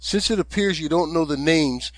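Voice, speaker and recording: Narrator playing a brisk, friendly Cockney sailor, dry read. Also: male voice, a little high, no room sound, voice pushed up, lightly acted. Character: stocky muscular Cockney boatswain, friendly.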